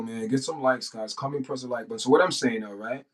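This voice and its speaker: A middle-aged man with a Jamaican accent holds forth on his own live stream in a loose, rambling monologue. He restarts his sentences often, and now and then he surges up in pitch and speed. His voice sits at an ordinary middle pitch for a man. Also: fast, low-quality recording. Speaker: livestream host.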